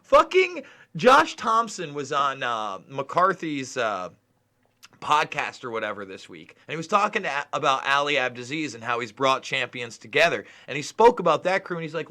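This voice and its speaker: A man's voice: medium pitch, big pitch swings, normal speed, pushed and bright. A man hosting a podcast, chatting casually and animatedly about fighting sports, swearing freely and laughing often. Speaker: podcast host.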